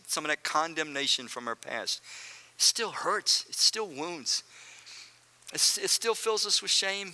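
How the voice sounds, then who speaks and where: A man's voice: a little high, bright, forceful tone. A male pastor preaching a sermon, speaking earnestly and directly to his congregation and repeating phrases for emphasis.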